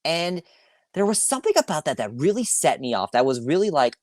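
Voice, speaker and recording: A man's voice: a little high, very animated, a little fast, darkish tone, dry recording, studio quality. A man from Long Island hosting a podcast alone, ranting casually, swearing freely, sighing and correcting himself as he goes. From Long Island, New York. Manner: rambling, swearing, self-correcting, with sighs. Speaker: podcast host. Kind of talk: casual solo podcast rant.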